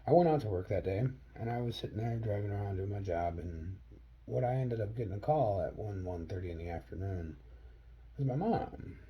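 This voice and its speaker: Earnest low-voiced man telling a story. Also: lively intonation, fairly quick, breathy edge, lo-fi sound. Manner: earnest, acts out dialogue with sharp rises in pitch. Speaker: vlogger. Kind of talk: personal storytelling.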